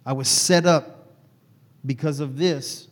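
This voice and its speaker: A man's voice: fairly high pitch, fairly even intonation, slow pace, in a large hall. A man from Texas, a guest telling his personal faith story in an earnest, heartfelt way.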